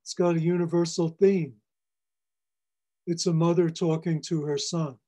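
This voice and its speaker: A poet giving a library lecture on poetry, explaining lines in a measured, teacherly way. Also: male voice, on the high side, level tone, warm tone. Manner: measured, explanatory, reads lines aloud for emphasis. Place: public library presentation.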